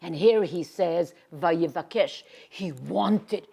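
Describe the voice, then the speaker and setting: Lady teaching torah, kinda low voice, super slow and deliberate, hushes to a whisper for the sad bits. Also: vocal fry, slightly rough. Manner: reads Hebrew verses, then translates them; drops to a hushed whisper on emotional words. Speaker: Torah lecturer. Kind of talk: expressive Bible lecture.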